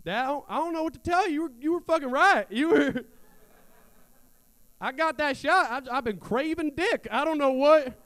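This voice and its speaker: A man putting on a Southern accent to play a frantic young man confessing to his father, with a strained, high delivery. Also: normal speed, fairly bright tone, no room sound.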